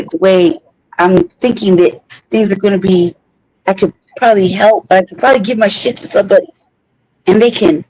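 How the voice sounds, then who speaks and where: A man's voice: high-pitched, a little mellow, no echo, poor audio. A man co-hosting a podcast, talking in a heated, profane, rambling way with frequent restarts. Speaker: podcast co-host. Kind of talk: heated casual talk.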